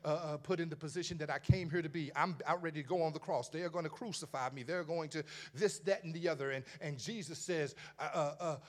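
A man's voice: on the high side, quick pace, hardly any pauses. A man preaching a sermon, stammering through repeated words and building to fervent, rising climaxes.

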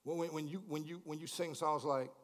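A man preaching a sermon, repeating words in stammering restarts, asking the congregation questions and swinging from hushed lines to shouted climaxes. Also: a little high, steady tone, brisk. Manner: repetitive stammering restarts, call-and-response questions. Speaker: pastor.

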